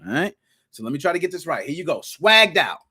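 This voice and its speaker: Guy hosting a gaming podcast live, bit high voice that jumps all over, hyped, shouting out the chat. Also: lively intonation, racing, loud music behind the voice. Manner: hype, playful, rhymes and slang, big shout-outs. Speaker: podcast host.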